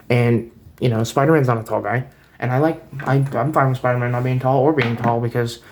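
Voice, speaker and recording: A man's voice: mid-range voice, darkish tone. A man giving a casual toy review at home, chatty and rambling, often restarting his sentences, recorded on a camera set on a table. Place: home room.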